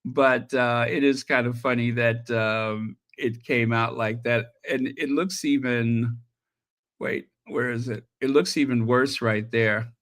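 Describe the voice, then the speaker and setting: A man's voice: medium pitch, steady tone, slow, fairly bright tone. A man hosting a casual livestream, chatting and reacting to viewer messages with many fillers. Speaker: channel host.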